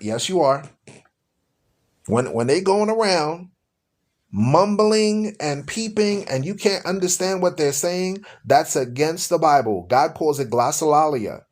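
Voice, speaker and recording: A man hosting a live-streamed show, preaching emphatically with rhetorical questions, mockery and scripture read aloud. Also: fairly high pitch. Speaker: host.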